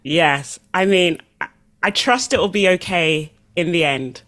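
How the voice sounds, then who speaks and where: A woman's voice: fairly low pitch, measured pace, fairly bright tone. A woman co-hosting a casual podcast chat, answering with dry, blunt quips. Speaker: podcast co-host.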